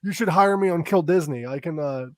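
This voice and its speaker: A man's voice: a little high, a little fast, no echo. A man co-hosting a podcast, chatting casually and joking, laughing often and swearing freely. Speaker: podcast co-host. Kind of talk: casual chat doing impressions.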